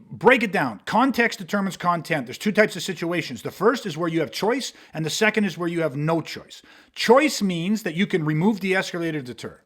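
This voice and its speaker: A man's voice: high voice, a bit bright. A man talking bluntly and emphatically in a podcast conversation, swearing freely as he walks through street-confrontation scenarios. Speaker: martial arts instructor.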